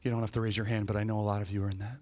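A middle-aged male pastor preaching a sermon, telling stories with lively swings from hushed asides to fervent appeals, often tagging lines with "right?". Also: fairly low pitch, very fast, in a large hall. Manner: frequent "right?" asides, repeats phrases.

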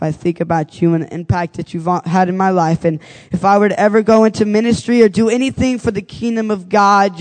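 Young male youth preacher, high-pitched, emotional testimony into a passionate altar call. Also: a little mellow, clear, resonant tone, low-quality recording. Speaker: youth speaker. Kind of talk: sermon.

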